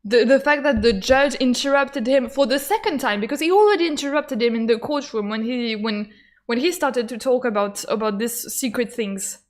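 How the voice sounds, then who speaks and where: A young woman streaming a game, reading dialogue aloud and reacting excitably with stammers and shrieks. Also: on the high side, moderate pace. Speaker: gaming streamer. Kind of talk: let's play commentary with voiced lines.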